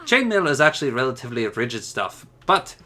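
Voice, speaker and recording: Gruff ogre-lore narrator, a man doing it in a put-on Scottish accent, hammy and bright. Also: mid-range voice, very animated, a little fast. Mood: declaiming. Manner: declaiming, hammy reading.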